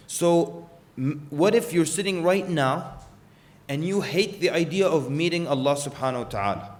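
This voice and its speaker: A man's voice: a little high, expressive, normal speed. A man giving a religious lecture in an earnest, storytelling manner, asking the audience rhetorical questions.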